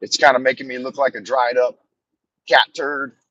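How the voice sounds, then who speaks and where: A man's voice: mid-range voice, flat delivery, normal speed, bright, forceful tone, no room sound, muffled recording. Rambling man chatting from his car. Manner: meandering storytelling, self-deprecating humor. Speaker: live streamer. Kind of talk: rambling live stream chat. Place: car while driving. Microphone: phone on a camera mount.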